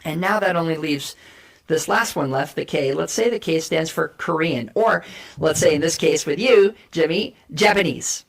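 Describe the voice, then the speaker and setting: A woman guest giving an energetic, persuasive talk on communication styles and acting out short role plays to make her points. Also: deep voice, normal speed, creaky. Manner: energetic, persuasive, emphatic teaching. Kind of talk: animated explanatory talk with role play.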